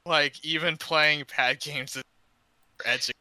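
A man's voice: on the high side, steady tone, normal speed, sharp tone, no room sound, low-quality recording. A man in a casual podcast chat who often answers with a short "yeah".

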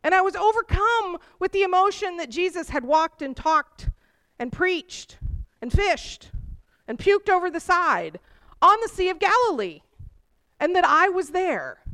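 A woman preaching from the pulpit, her voice sitting high. She tells personal stories with animated energy, rising as the feeling builds. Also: normal speed. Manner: animated storytelling, voice rising with emotion.

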